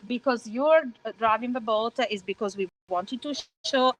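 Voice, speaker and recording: A woman's voice: a little high, normal speed, poor audio. A woman hosting and interviewing on a boat, chatty and self-mocking, laughing often. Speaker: event host interviewer. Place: outdoors on a boat in a lagoon.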